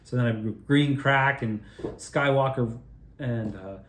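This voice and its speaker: A man spins a meandering, excitable personal story, swearing freely and tripping over restarts. His voice sits at a middle pitch. The sound bounces around an echoey room. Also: unhurried. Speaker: video creator telling his own story.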